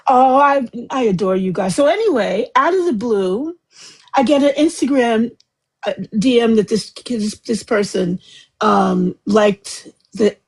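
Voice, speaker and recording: A woman hosting a casual livestream chat, rambling and chatty, laughing often. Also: a little high. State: eyes watering from chemo. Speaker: livestream host.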